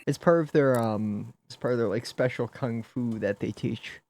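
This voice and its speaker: A man, a podcast guest, chatting casually and telling absurd jokes in a deadpan way into a mic on a stand. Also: medium pitch, normal speed. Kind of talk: casual comedic chat. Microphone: desk mic on stand.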